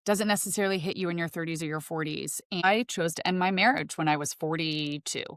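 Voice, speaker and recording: A woman's voice: on the low side, quick pace, a bit bright, smooth, no room sound, studio quality. A woman in her forties hosting a podcast, responding to her guest in an affirming, enthusiastic, conversational way. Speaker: podcast host. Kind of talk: conversational interview.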